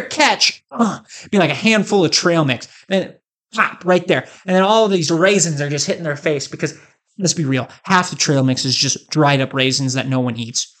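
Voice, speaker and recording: A man's voice: on the high side, fairly bright tone. A man doing a rambling comic monologue, joking and sarcastic. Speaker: comedic host.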